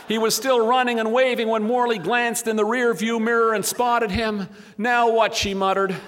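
A man's voice: very high voice, background noise. A man telling a humorous story to a live audience, with wry asides. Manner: wry, dry comic delivery with asides.

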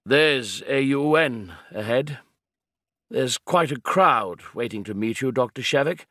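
A man's voice: mid-range voice, animated, unhurried, fairly bright tone, no room sound, clean studio sound. Narrator doing a courteous official guy, polite and reassuring, storybook reading. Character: courteous male official escorting a guest.

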